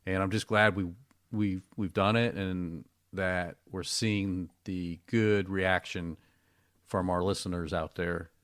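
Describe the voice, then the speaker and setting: A man with a fairly low voice co-hosting a podcast in casual conversation. He is agreeable and chimes in often, and his voice is recorded close and dry. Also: steady tone, slow pace, fairly bright tone, dry recording. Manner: agreeable, chimes in with short replies. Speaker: podcast co-host.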